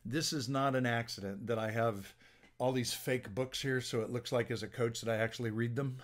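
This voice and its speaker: A middle-aged man talks straight to camera, giving a business coach's casual tips on making videos. He speaks at an ordinary pitch and keeps a loose, friendly, conversational flow with many small restarts and fillers. The sound comes from a small plug-in phone mic in a home office lined with books. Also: steady tone, moderate pace. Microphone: small plug-in phone microphone.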